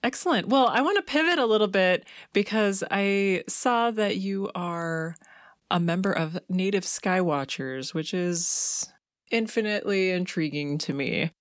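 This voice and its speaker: A woman's voice: mid-range voice, expressive, a little slow, dry recording, clean studio sound. A woman interviewing a guest, asking curious, encouraging questions. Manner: curious, encouraging, laughs along.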